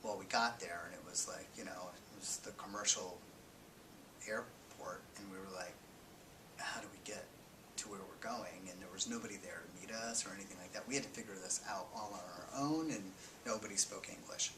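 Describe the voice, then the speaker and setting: A man speaking to a class as a guest, casually recounting his time as a journalist, halting with fillers and sinking to a near-whisper on grim parts. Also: low voice. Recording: distant mic with noisy background.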